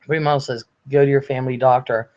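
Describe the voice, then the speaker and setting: A man's voice: mid-range voice, fairly even intonation, fast talker, darkish tone, a little hiss or hum. An older man hosting a casual livestream from home, reading viewer comments aloud in a chatty, blunt way, swearing freely and sounding a bit congested from illness. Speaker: livestream host. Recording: slightly dull lo-fi audio.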